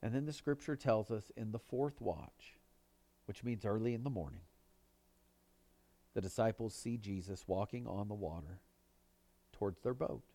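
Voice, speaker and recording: A male pastor preaching a sermon in an earnest manner, pushing his voice up for emphasis and dropping it low on quoted words. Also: normal speed, pauses often, warm tone.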